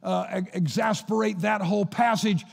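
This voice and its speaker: A man's voice: high-pitched, steady tone, normal speed, creaky. A man preaching a sermon as pastor, retelling Bible scenes in a storytelling way, recorded in a church sanctuary with a long reverb.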